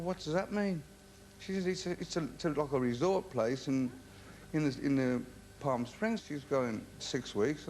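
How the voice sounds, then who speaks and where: A man's voice: mid-range voice, darkish tone, slight background noise. A man from England, a rock singer as a TV interview guest, telling rambling comic anecdotes full of stammered restarts.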